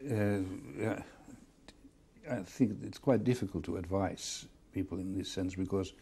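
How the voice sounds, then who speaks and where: With a low, dark voice, an older man looks back on his retail executive career in a conversational interview. He's halting, often repeating words as he reaches for phrasing, over a hissy background.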